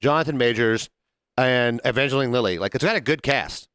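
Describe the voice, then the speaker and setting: A man co-hosting a podcast in casual chat, telling stories in an animated way and swearing for emphasis. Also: medium pitch, fairly quick, clear, resonant tone, dry recording. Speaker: podcast co-host.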